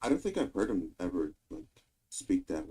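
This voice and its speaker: A deep-voiced man chats about clips in a low-key, hesitant way. His tone is dark and mellow, with a husky edge. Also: huge pitch swings, normal speed. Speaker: stream co-host. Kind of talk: casual reaction chat.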